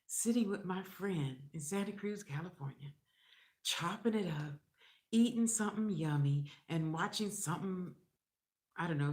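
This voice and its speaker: A middle-aged woman talking straight to camera in a blunt, rambling way, cursing freely and acting out other people's lines. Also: lowish voice. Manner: blunt, profane, rambling and animated. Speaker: vlogger. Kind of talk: casual vlog monologue. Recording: echoey room.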